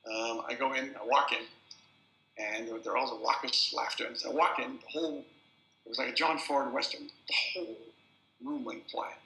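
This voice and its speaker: An older man, a film director, telling anecdotes at a festival introduction as a lively storyteller who repeats words at restarts. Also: medium pitch, normal speed. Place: festival screening venue. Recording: roomy hall sound.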